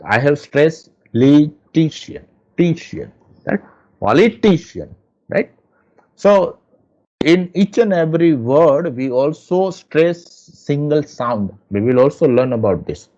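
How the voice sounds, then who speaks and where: A male teacher gives a lecture, speaking in a slightly raised pitch and at a very unhurried pace. He drills example words one by one and repeats them. The recording sounds muffled and lo-fi. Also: expressive, warm tone. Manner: explains slowly with many repeated example words. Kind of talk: lecture on English pronunciation.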